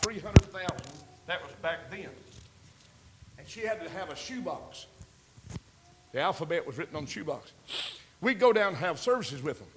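A man's voice: high voice, a bit bright, a little hiss or hum. An older man, preaching a folksy sermon, calling out amens and building emphatic lines. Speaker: pastor.

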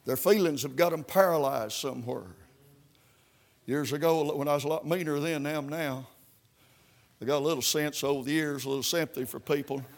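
Preacher man, high voice, fervent, lots of "uh, uh", revival sermon that builds to shouting. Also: a little fast. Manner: fervent, peppered with "uh, uh", climbing to shouts. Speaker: Baptist preacher.

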